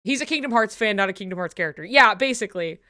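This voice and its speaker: Woman streamer, casual watch-along chat, mid-pitched, rambly, laughs a lot, swears freely. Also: lively intonation, quick pace, bright, forceful tone. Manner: rambling, filler-heavy, swears, laughs often.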